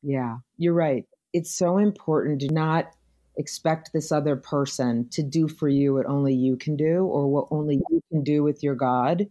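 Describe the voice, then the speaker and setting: A woman's voice: low voice, normal speed. A middle-aged American woman in an interview, telling personal stories in a reflective, earnest way. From United States. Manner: reflective storytelling, warm and earnest. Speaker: podcast guest. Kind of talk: conversational interview.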